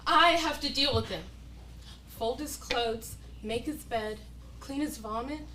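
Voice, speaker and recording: Woman acting a desperate young woman, pleading, bright tone, faint room hum, recorded from far away. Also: on the high side, unhurried, roomy sound. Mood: anguished. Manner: anguished, pleading. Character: desperate young woman torn over a cruel dying man. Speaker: acting student. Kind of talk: stage monologue.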